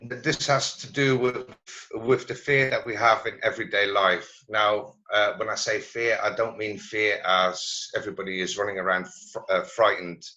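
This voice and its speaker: A man giving a presentation over a video call, halting and searching for his words as he goes. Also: lowish voice, flat delivery, pushed and bright, lo-fi sound. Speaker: presenter at a learning network meeting. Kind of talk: online meeting presentation.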